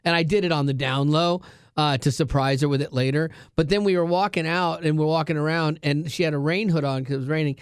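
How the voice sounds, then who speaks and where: A man's voice: a little high, quick pace, clean tone, no echo, clean studio sound. A middle-aged man hosting a radio show, telling stories in casual chat and acting out the voices of the people in them. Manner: animated storyteller, acts out voices.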